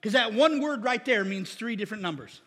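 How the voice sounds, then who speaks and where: Animated high-voiced man preaching. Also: breathy edge, in a large hall. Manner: animated, quick asides and jokes to the congregation. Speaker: pastor. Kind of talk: sermon teaching with slides.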